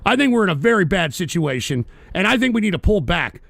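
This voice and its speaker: A man's voice: high voice, very animated, fast, vocal fry, a bit bright, dry recording. A man from the United States hosting a radio show, delivering a heated, profane political rant and repeating himself.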